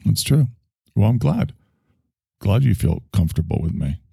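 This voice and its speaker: A man's voice: fairly low pitch, very animated, normal speed, creaky, mellow, husky, dry recording, clean studio sound. A man hosting a casual solo chat show, rambling with sarcastic asides and sighs. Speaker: host.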